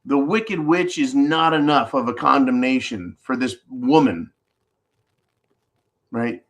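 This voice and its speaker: A man hosting a preparedness channel's live stream, giving animated, ranting, profane commentary. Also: mid-range voice, slow.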